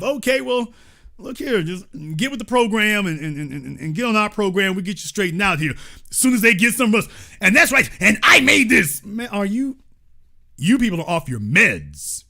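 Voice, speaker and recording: A commentary show host with a high, sharp-toned voice works through a heated monologue. His colloquial, slang-heavy delivery keeps returning to the same points with confrontational emphasis.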